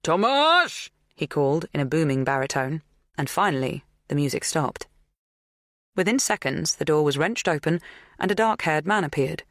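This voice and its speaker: An audiobook narrator reads a thriller in an even, measured voice of middle pitch. The sound is dry and close, with no room echo.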